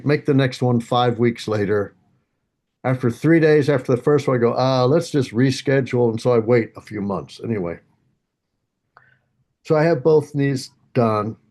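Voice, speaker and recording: A man's voice: medium pitch, darkish tone. A man in his sixties, a senior yoga teacher, telling a personal story on a video call with humor and self-mockery, acting out other voices and laughing often. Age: 60s.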